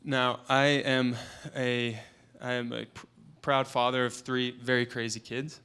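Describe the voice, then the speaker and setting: A man's voice: mid-range voice, flat delivery, a little slow, bright, forceful tone, smooth. Earnest man telling a personal story. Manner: earnest storytelling, quoting a client and his child. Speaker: parenting expert and speaker. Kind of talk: motivational talk. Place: conference event.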